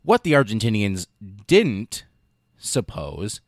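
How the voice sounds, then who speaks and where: A man's voice: lowish voice, huge pitch swings, slow pace, no room sound, studio quality. A man hosting a casual history podcast, irreverent and sarcastic, swearing often and acting out quotes in silly voices. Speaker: podcast host.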